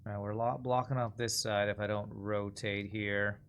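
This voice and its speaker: Low-voiced man musing through a game. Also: flat delivery, normal speed, fairly bright tone, clear, resonant tone. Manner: musing aloud, mumbling while deciding. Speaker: streamer playing a puzzle game. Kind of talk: casual gameplay commentary.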